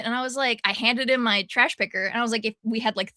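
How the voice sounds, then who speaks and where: A woman co-hosting a casual chat, telling an anecdote in animated bursts and acting out the people she quotes. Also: a little high, fast, dry recording, clean studio sound. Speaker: podcast co-host.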